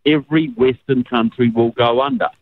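A man from New Zealand with a New Zealand accent, a guest on a talk radio show, speaking in a measured, earnest way. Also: mid-range voice. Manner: measured, earnest, uses "look" and "you know". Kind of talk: phone-in radio interview. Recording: tinny phone line.

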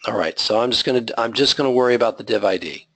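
A man's voice: medium pitch, fast, fairly bright tone, dry recording. A man teaching a web design class, talking through his code step by step and checking in with the students. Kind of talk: live coding lecture.

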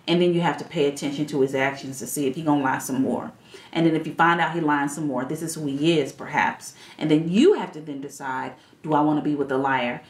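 Casting note: a lower-voiced woman with a style, a blunt and chatty dating coach on a casual stream. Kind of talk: casual livestream chat. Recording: echoey room.

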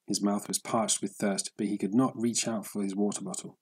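A man narrating a story in a steady, measured audiobook reading. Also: on the low side, breathy edge, poor audio.

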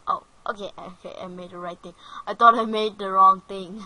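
A woman's voice: medium pitch, fairly even intonation, moderate pace, pushed and bright, poor audio. A woman narrating her own game play in casual commentary, giggling often and easily frightened. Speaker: gaming channel host.

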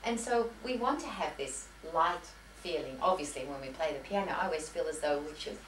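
This piano teacher has a deep, animated voice and speaks briskly. Lecturing to teachers, she tells anecdotes in a chatty way with many false starts and self-corrections, and the recording catches her distantly in an echoey lecture room over a faint hiss.

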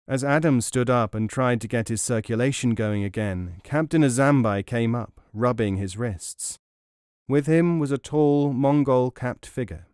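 A man narrates an audiobook with a medium-pitched voice, telling the story in a measured, even way. The studio recording is clean, with no echo.

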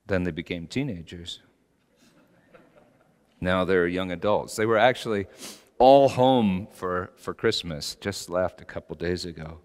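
A middle-aged man preaches a sermon with passion, moving between quiet reflection and loud emphasis. His voice carries a long reverb in a large church hall. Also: low-pitched, unhurried. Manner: passionate, storytelling, rising to shouts. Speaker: pastor.

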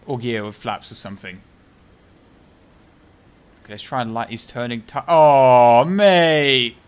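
A man giving chatty, sarcastic gameplay commentary, muttering one moment and bursting out loudly the next. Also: medium pitch, unhurried, clear, resonant tone. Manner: chatty and sarcastic, swinging from mutters to loud outbursts, heavy slang. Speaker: video game commentator.

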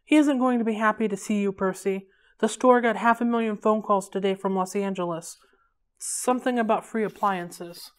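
A woman reading aloud, voicing a gentle, worried mother who speaks in a hesitant, pleading way. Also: medium pitch, normal speed, smooth, lightly acted. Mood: anxious.

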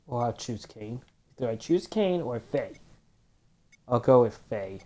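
Slow-talking gamer guy muttering. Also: mid-range voice, lively intonation, warm tone. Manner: casual, swears and mutters at the game. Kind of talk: let's play commentary.

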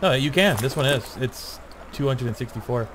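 A laid-back man talks his way through a co-op game in an easy, chatty voice, laughing often. His pitch sits in a middle range. The recording carries a clear layer of background noise. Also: expressive, moderate pace. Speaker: gaming channel host. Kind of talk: casual co-op gameplay chat. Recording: noisy home game recording.

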